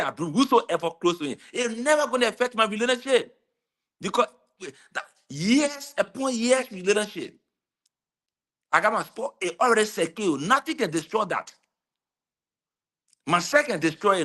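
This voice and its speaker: Man, casual talk guest, bright forceful tone, lively storyteller. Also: sits high. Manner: animated storytelling, repeats words. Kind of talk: casual chat.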